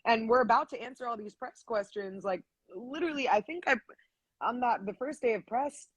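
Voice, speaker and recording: A young woman with a slightly husky voice tells stories in a chatty, animated way, full of fillers and quick asides. She sounds close to the mic in a dry space, as if speaking on a live stream. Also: on the high side, dry recording. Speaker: voice actress guest. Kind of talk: casual live-stream interview.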